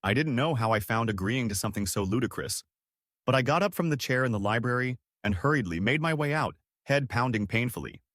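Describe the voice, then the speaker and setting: A young man narrating a horror story in a dramatic, expressive way. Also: medium pitch, a little fast, no room sound, studio quality. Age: young adult.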